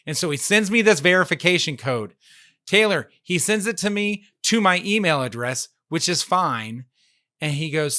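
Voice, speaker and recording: A man's voice: fairly high pitch, lively intonation, normal speed, bright, forceful tone. A man co-hosting a podcast, telling a story in casual chat and acting out the dialogue he quotes. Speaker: podcast co-host.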